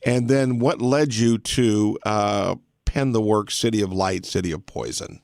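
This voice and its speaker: A man's voice: lowish voice, unhurried, gravelly, a little mellow, dry recording, clean studio sound. A man hosting a talk radio show, upbeat and chatty, with frequent hesitant fillers.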